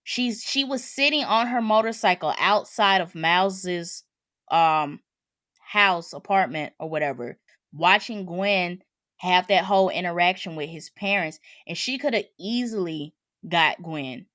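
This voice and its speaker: A woman's voice: lowish voice, unhurried, a bit bright, no room sound, studio quality. A woman co-hosting a podcast, casually and animatedly talking through movie details. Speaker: podcast co-host. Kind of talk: casual chat.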